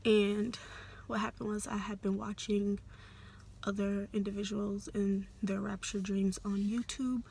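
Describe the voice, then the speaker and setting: A young adult woman telling a personal story in a soft, hesitant, often half-whispered way, with many fillers. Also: mid-range voice, flat delivery, measured pace, vocal fry, a little hiss or hum. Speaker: vlogger.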